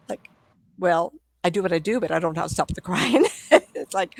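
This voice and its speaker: An older woman, a psychic medium, telling stories in a casual interview, animated and acting out the people she quotes, often trailing off and starting over. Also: lowish voice, normal speed, long pauses, a little hiss or hum, rough recording. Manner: animated, acts out quoted voices, trails off and restarts.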